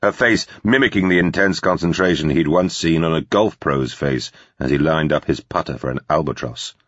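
Very deep, husky male audiobook narrator. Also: normal speed, no room sound. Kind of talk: scripted narration of a thriller. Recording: dull, slightly lo-fi recording.

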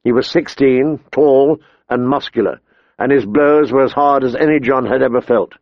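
Gravelly male audiobook narrator. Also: medium pitch, moderate pace, no room sound, muffled recording.

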